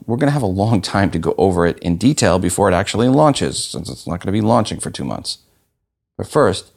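A man's voice: deep voice, gravelly, darkish tone. A man hosting a podcast solo, talking casually with wry asides. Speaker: podcast host.

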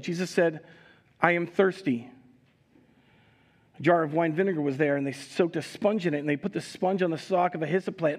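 Somewhat high-voiced male pastor preaching. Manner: conversational, relaxed asides while preaching; reads scripture expressively, raising voice for quoted speakers. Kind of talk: communion sermon with scripture reading. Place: church service, recorded live.

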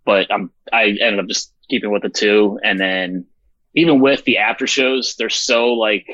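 A man's voice: lowish voice, fairly even intonation, normal speed, pushed and bright, dry recording, lo-fi sound. A man who organizes a festival, talking bluntly and with lots of swearing in a rambling, casual interview. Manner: profane, blunt, rambling with fillers.

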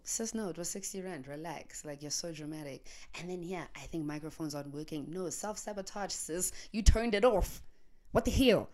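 South african girl with a low voice, chatty podcast story, laughs a lot, mixes in zulu slang, handheld mic in bed. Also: moderate pace. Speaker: podcaster and YouTuber. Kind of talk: casual storytelling monologue. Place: bedroom, on her bed. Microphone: handheld microphone.

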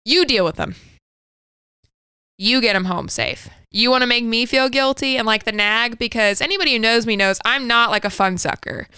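A woman's voice: fairly high pitch, normal speed, pushed and bright, clear, resonant tone, no room sound. A woman in her thirties co-hosting a podcast, telling a personal story candidly and swearing freely. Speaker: podcast co-host. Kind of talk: casual conversational storytelling.

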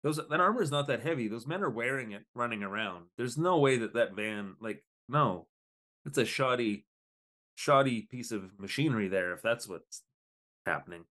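A man co-hosts a podcast in a relaxed, chatty way. He sits at an ordinary pitch, and as he recaps the story he keeps breaking into quick voices for the characters. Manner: animated, acts out lines in quick voices. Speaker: podcast co-host. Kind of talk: casual recap chat.

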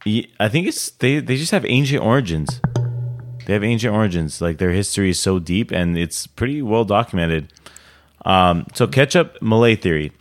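A man's voice: on the low side, expressive, normal speed, faint music behind. A young man co-hosting a podcast, chatting in a rambling, enthusiastic way with many fillers. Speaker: podcast co-host. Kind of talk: casual chat.

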